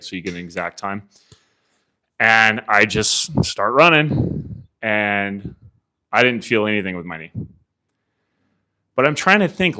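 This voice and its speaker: A man coaching a room of agents live, telling an animated story of his own race, acting out his inner thoughts and swearing casually. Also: lowish voice. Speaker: CEO coaching real estate agents. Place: meeting room with a live audience.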